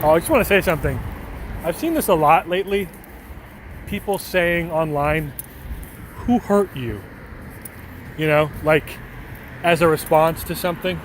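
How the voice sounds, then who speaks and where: A man's voice: fairly high pitch, moderate pace. Rambling, joking man streaming outdoors. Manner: rambling, joking, often breaking into laughter. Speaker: IRL livestreamer. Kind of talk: casual live-stream chat, answering viewer messages. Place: outdoors on a city street at night. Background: faint traffic and street ambience.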